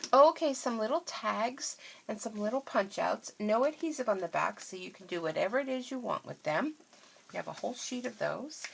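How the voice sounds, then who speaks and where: A woman's voice: mid-range voice, gravelly, slight background noise. Chatty woman gushing over crafts. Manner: chatty, gushing and easily excited. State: tired, yawning. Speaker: craft vlogger. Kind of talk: casual unboxing chat.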